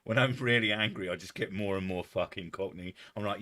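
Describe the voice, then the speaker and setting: A man with a southern English accent chats loosely on his livestream, swearing freely and laughing between rambling stories. His voice sits low, with a bright, forceful edge to it. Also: steady tone, brisk. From England. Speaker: streamer. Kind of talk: casual livestream chat.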